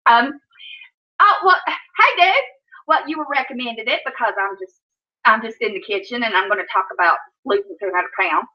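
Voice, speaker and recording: A woman's voice: a little high, expressive, moderate pace. A woman chatting casually on a home livestream from her kitchen, scolding her dogs in baby talk between stories. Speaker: vlogger. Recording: dull lo-fi sound.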